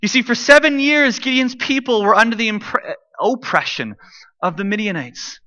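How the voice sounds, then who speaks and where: A man's voice: sits high, expressive, moderate pace, pushed and bright, dull audio. A man preaching a sermon from the stage, conversational and dropping joking asides to the congregation. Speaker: pastor.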